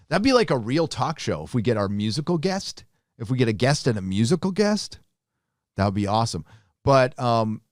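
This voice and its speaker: A man's voice: medium pitch, dry recording, clean studio sound. A man hosting a live stream, reading viewer donations aloud and answering them with joking, profane, rambling asides. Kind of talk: casual live-stream chat.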